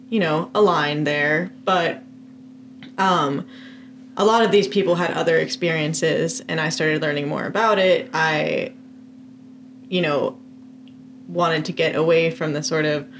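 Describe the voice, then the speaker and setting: Low-voiced young woman, candid guest. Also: slight background noise. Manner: relaxed, candid storytelling with fillers. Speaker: podcast guest. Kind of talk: casual conversation. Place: home basement podcast room.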